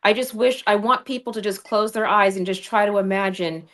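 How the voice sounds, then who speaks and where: A woman's voice: medium pitch, fairly quick, fairly bright tone. Impassioned woman hosting a political show. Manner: impassioned, indignant storytelling. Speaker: political podcast host. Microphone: video call.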